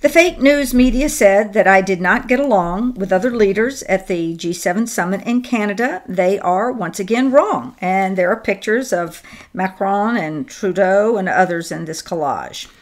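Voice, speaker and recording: A woman's voice: mid-range voice, moderate pace. A woman co-hosting a political commentary chat, talking casually and reading posts aloud. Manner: casual, agreeing, reads aloud. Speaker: co-host.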